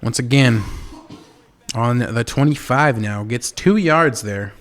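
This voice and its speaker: A male caster calls a video game football match in a loose, conversational way. His voice sits at an ordinary middle pitch and jumps up when a big play lands. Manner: casual, chatty calls with quick bursts of excitement. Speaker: esports caster. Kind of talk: play-by-play commentary.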